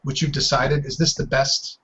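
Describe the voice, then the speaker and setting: A man voicing a prim and proper older male court wizard who speaks in a measured, fussy way, over a muffled voice chat. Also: medium pitch, flat delivery, bright, forceful tone, a little hiss or hum, close to an everyday voice. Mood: haughty.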